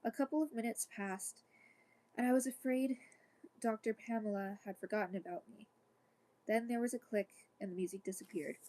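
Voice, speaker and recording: Woman storyteller, mellow and relaxed, reading a chapter aloud. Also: a little high, moderate pace, rough recording. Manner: reads evenly, breaks off into casual asides.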